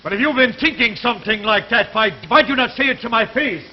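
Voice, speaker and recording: An actor playing a proud older immigrant foreman who speaks stiffly, husky, in 1940s radio acting on a dull old recording. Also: very high voice, fast talker. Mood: indignant. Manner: formal, stiff.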